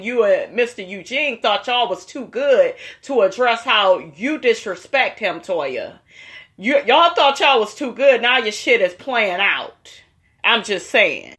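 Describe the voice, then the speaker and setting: A woman's voice: on the high side, a bit bright. A woman giving a sassy, profane gossip recap of a reality show in a casual, slangy way.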